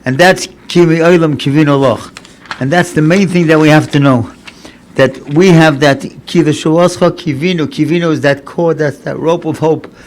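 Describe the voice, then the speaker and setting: Earnest older man preaching, higher-pitched. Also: fairly even intonation, normal speed, slight background noise. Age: 70s. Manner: earnest and conversational, repeats phrases for emphasis. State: recovering from paralysis, slightly impaired speech. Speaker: rabbi and lecturer. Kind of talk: inspirational sermon.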